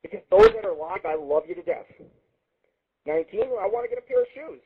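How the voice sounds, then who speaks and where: A man hosting a live internet radio show, talking in a loud, profane, manic ramble that jumps between topics. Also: high-pitched, animated, brisk, noisy background. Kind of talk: crude rambling monologue. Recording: muffled phone-like line.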